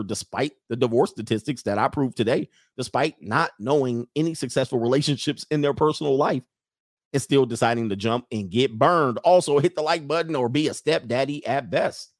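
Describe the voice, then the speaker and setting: A man's voice: mid-range voice, dry recording, studio quality. A man hosting a casual livestream, joking and rambling as he reads out donations. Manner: joking, rambling, breaks into laughter. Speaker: livestream show host.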